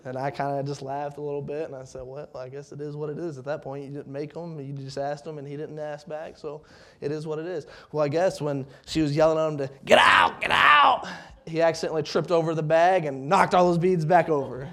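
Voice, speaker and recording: A middle-aged man preaching a sermon in a church, speaking conversationally and haltingly, with many fillers and restarts. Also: fairly high pitch, little pitch movement, a little mellow. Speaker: pastor.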